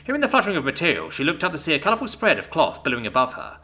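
Animated bright male storyteller. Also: fairly high pitch, racing. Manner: expressive, animated reading. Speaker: narrator. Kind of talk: story narration. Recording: soft background music.

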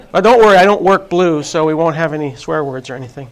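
A man in his forties with a sniffly cold speaks at a quick pace in a fairly high, smooth voice. Holding a handheld mic, he gives a chatty, self-deprecating live tech talk to an audience in a meeting room.

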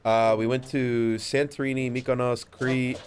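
A man of Greek family co-hosting a live gaming stream, swearing and laughing a lot as he tells stories, sometimes breaking into high mock voices. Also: flat delivery, measured pace. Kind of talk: casual live-stream chat.

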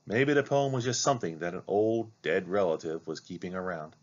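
A man reading a children's novel aloud, narrating in an expressive, dramatic way. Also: low voice, a little fast, dull audio. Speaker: reader. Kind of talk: storybook read-aloud narration.

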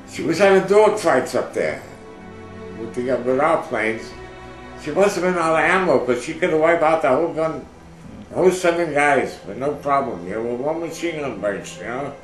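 A man's voice: on the high side, roomy sound, poor audio. An older man recounting memories in a rambling, casual way, full of fillers and acted-out orders. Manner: rambling, many fillers, acts out shouted orders. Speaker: interviewee, war veteran. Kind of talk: casual oral history storytelling.

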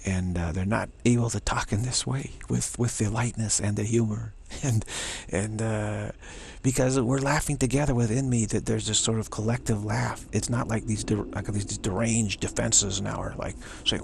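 A man's voice: lowish voice, steady tone, normal speed, gravelly, a little hiss or hum. A man giving a playful, rambling spiritual teaching, laughing often as he talks.

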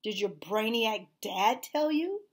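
Snappish storybook girl, scornful, lively pitch, as a woman reads her. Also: takes it slowly, slightly rough, heavily acted. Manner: snappish, demanding. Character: sulky, scornful young girl. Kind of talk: storybook read-aloud.

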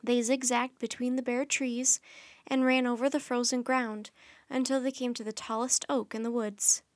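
High-voiced woman reading a storybook. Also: little pitch movement, no echo, clean studio sound. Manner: gentle, friendly, unhurried storytelling. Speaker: children's storytime reader. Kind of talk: reading a children's chapter book aloud.

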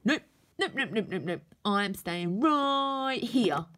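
A woman voicing a sulky, stubborn boy doll in a children's doll role-play, grumbling slow complaints. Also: a little high, expressive, a bit bright. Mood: grumpy.

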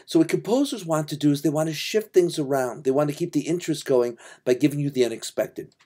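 A middle-aged man teaching music theory in a relaxed, chatty lecture, singing rhythms aloud. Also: fairly high pitch, fast. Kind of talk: informal lecture.

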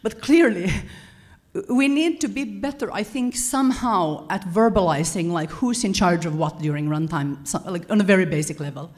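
A woman giving a lecture-style talk to an audience, animated and often correcting herself mid-sentence. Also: mid-range voice, moderate pace. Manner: animated, self-correcting, chuckles between points. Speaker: conference speaker.

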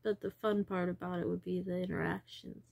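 Fairly quick and level in tone, this woman's lowish, gravelly, slightly mellow voice carries a wandering personal vlog. She trails off and slips into whispers now and then; there's no echo.

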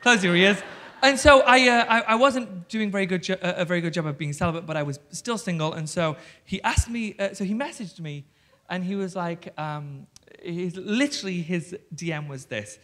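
A man in his thirties with a Yorkshire accent, an animated and cheeky storyteller who talks on stage with lots of fillers. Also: high voice, normal speed. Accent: English Yorkshire. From England. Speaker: guest author. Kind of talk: live stage conversation. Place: theatre stage before an audience.

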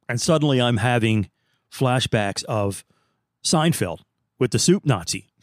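A male podcast host telling a story in a casual, animated way, acting out the dialogue and laughing often. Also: medium pitch, moderate pace, no room sound, studio quality.

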